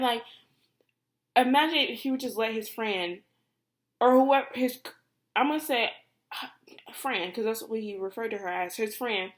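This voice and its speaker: Exasperated young woman ranting to camera. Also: a little high. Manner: animated, exasperated, swears freely, many fillers. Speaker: vlogger. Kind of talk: casual rant to camera.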